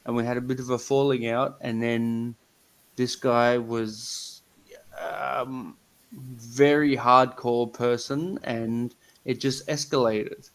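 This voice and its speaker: A man on a video call telling a personal story in a blunt, sweary, earnest way with halting restarts. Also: medium pitch, steady tone, poor audio. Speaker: guest on a live stream. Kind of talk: casual chat, personal story.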